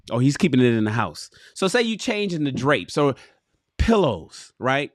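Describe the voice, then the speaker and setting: A man hosting a casual livestream, reading a relationship book aloud and commenting to his viewers in an animated, swearing, buddy-to-buddy manner. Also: mid-range voice, moderate pace, no room sound. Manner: animated, swearing, addresses viewers as fellas and bro. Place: home.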